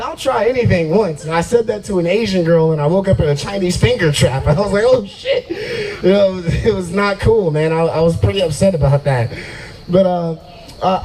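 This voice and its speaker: A man's voice: on the high side, a little mellow, rough recording. Profane, loose stand-up comic man. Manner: profane, loose and boastful, laughing at own jokes. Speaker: stand-up comedian. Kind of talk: stand-up comedy set. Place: open mic at a brewery, out of doors.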